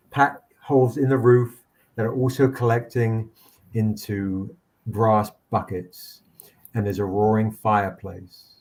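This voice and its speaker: A man narrating as game master in a tabletop game, rambling with frequent restarts. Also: on the low side. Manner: rambling, halting, many restarts.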